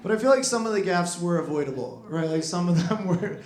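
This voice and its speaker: Young stand-up comic, self-deprecating, rambling with fillers, slightly high voice; roomy club with laughing crowd. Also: male voice, expressive, a little fast, darkish tone. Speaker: stand-up comedian. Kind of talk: stand-up comedy set. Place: comedy club.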